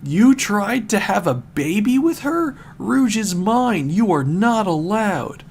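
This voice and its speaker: A man voicing an angry, jealous echidna teenager who yells his lines in a raised voice while reading a story aloud. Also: on the high side, big pitch swings, measured pace, a little hiss or hum, pitched above the performer's own voice. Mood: angry yelling. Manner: shouty, raised voice. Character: angry jealous male echidna teen, yelling.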